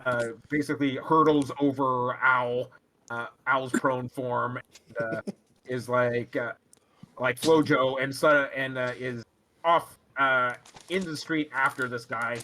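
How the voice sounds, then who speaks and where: A man's voice: medium pitch, steady tone, takes it slowly, bright, forceful tone, a little hiss or hum. A man narrating as game master of a tabletop role-playing game, rambling with many fillers and laughs.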